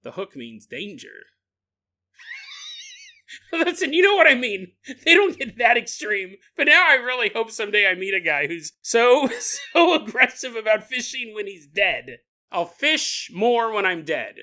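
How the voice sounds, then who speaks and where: A man hosting a podcast, riffing in a comedic monologue, laughing often and acting out quick voices. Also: very high-pitched, very animated, sharp tone. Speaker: podcast host.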